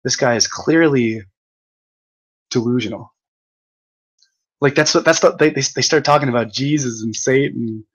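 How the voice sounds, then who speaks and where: Young male streamer, mid-pitched, reads chat aloud and mocks it, swears, laughs a lot. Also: normal speed, pauses often, breathy edge, rough recording. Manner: mocking, exasperated, laughs often, swears. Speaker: livestream host reading chat. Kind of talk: ranting livestream chat.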